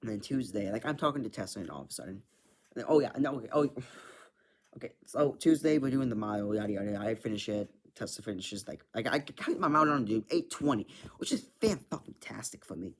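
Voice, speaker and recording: Man, lowish voice, rambling story, lots of filler words, swears a lot. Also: lively intonation, quick pace. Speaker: vlogger.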